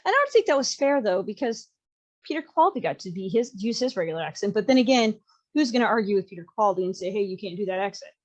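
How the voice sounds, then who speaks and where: A Southern American woman hosts a podcast, chatting casually, sharing strong opinions, and laughing often. Her voice is a little high and sing-song at a quick pace, with a darkish tone, and the highs are cut off.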